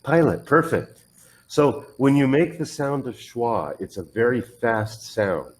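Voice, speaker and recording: A man's voice: mid-range voice, sing-song, slow, low-quality recording. A man teaching English pronunciation one on one, patiently modelling words and correcting the learner's drills.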